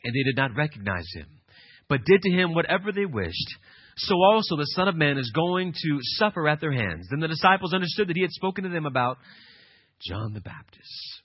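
A male pastor preaching an emphatic sermon, swinging from quiet passages to loud, insistent ones. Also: a little high, big pitch swings, a little fast, husky, dry recording, highs cut off.

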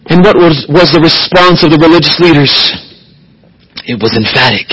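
Guy preaching a sermon, kinda husky, goes up high and punchy when he gets fired up. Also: lively intonation, moderate pace, fairly bright tone, low-quality recording. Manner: preaching with rising emphatic swells. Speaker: pastor. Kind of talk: expository sermon.

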